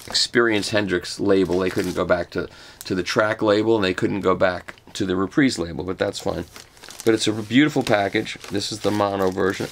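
A man's voice: fairly low pitch, a little hiss or hum. An older man reviewing records, talking casually and enthusiastically through an unboxing, rambling with restarts.

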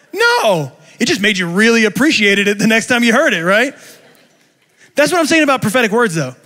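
A man's voice: very high voice, very animated, brisk, bright, forceful tone. A young adult male pastor preaching a sermon in a loose, conversational way, full of fillers and asides.

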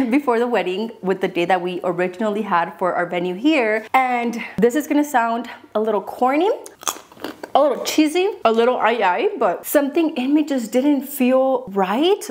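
A young adult woman chatting casually to her viewers while eating, emotional and full of fillers and restarts. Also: medium pitch. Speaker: vlogger. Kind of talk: casual mukbang chat to camera.

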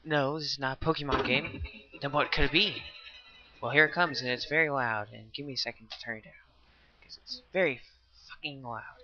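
A man's voice: mid-range voice, brisk, pushed and bright, lo-fi sound, faint music behind. A young man hosting a casual gameplay video, jokey and swearing, reading game text aloud. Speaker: let's play host.

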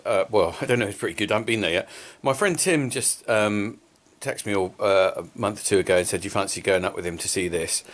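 A farmer vlogger with a lowish voice talks casually to a handheld camera as he walks through an indoor exhibition hall. His narration is chatty and rambling, packed with fillers, and the recording has loud background noise.

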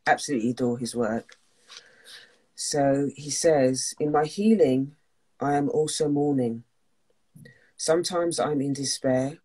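A woman's voice: extremely low pitch, measured pace, long pauses, dark tone, breathy edge. A woman hosting a talk, speaking openly and emotionally before reading a passage aloud. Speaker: host and wellness coach.

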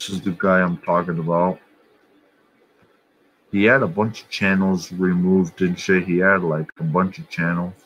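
A man's voice: deep voice, little pitch movement, fairly bright tone, highs cut off, slight background noise. A man vlogger talking casually and bluntly about soccer and other channels, swearing offhandedly. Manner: slow, offhand, blunt and profane. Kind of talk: casual chat.

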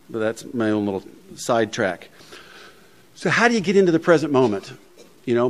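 A man's voice: medium pitch, a little mellow. A man speaking to a recovery meeting in a plainspoken, humorous, conversational way, often saying "you know". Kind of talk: speech to a meeting. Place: meeting room before an audience.

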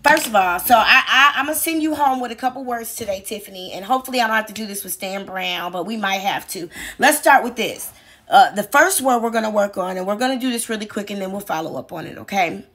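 A woman's voice: medium pitch, fast, a bit bright. A woman commentator mocking a speaker in a teacherly, sarcastic way. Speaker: online commentator.

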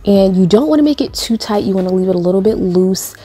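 A woman's voice: medium pitch, expressive, fast, warm tone, slightly rough. A young woman talking through a hair tutorial in a sassy, playful, chatty way. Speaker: beauty vlogger.

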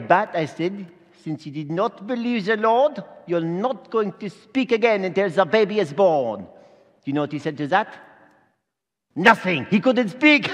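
A man playing a boastful, jokey male angel messenger in a Christmas Eve church skit, showing off and playing to the congregation. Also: high-pitched. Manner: showy, jokey, playing to the crowd. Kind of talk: comic stage monologue. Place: church sanctuary before a congregation. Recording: echoey church hall.

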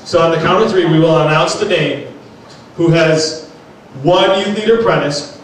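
High-voiced joking host in an echoey room. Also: male voice, normal speed. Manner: joking, playful. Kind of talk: hosting an announcement. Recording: echoey room, distant mic, crowd behind.

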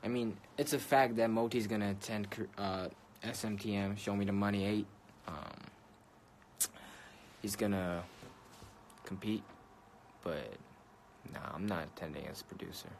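A young man with a fairly low voice talks loosely into his phone on a live stream, full of slang, curses and easy laughs. He drifts between English and Korean as he answers comments, with a faint background hiss. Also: normal speed, pauses often. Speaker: rapper on a livestream. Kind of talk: casual livestream chat answering comments. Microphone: phone mic.

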